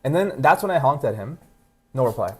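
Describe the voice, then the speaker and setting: A man's voice: medium pitch, big pitch swings, fairly quick, husky. A young man co-hosting a podcast, rambling through a story in casual chat, full of "like". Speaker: podcast co-host.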